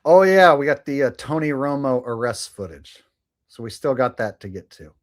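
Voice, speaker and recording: The man speaks at a moderate pace in an animated, mid-range voice. He's a live-stream host giving casual commentary, sarcastic toward his viewers and prone to rambling between topics.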